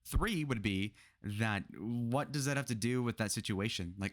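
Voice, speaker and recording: A man's voice: mid-range voice, normal speed. A man doing reaction commentary on a video clip, sarcastic, profane and exasperated. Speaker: political commentator.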